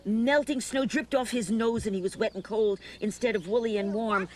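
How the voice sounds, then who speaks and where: A woman's voice: a little high, normal speed, slight background noise. A woman who hosts a children's television show, telling a story to young viewers and teaching them a dance in a playful, sing-song way.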